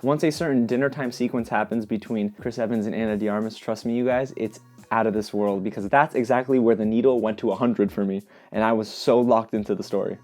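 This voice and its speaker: A man's voice: medium pitch, darkish tone. A man hosting his own movie review channel, talking straight to his viewers with lots of enthusiasm in a casual vlog style.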